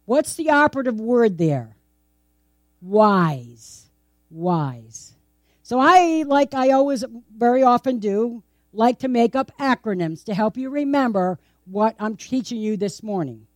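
A woman preaches a sermon in a chatty, playful way, peppering it with rhetorical questions and light laughter. Her voice sits fairly high. The sound is close and dry. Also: animated, measured pace, no echo. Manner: conversational, asks many rhetorical questions. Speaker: pastor. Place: church.

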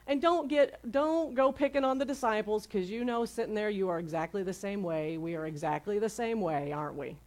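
A woman pastor delivers her sermon in a relaxed, chatty way. She retells the story with playful asides and questions for her listeners. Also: mid-range voice, moderate pace. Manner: casual, conversational preaching with playful retellings.

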